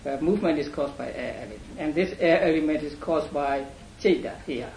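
A man teaching a class in a lecture, speaking haltingly with many fillers and repeated words. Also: on the high side, a little mellow. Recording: echoey room, faint hum.

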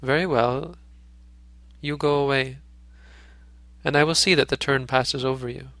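A man's voice: mid-range voice, measured pace, gravelly, dry recording. A man reading as a selfless deer king. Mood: gentle. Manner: calm, gentle pleading.

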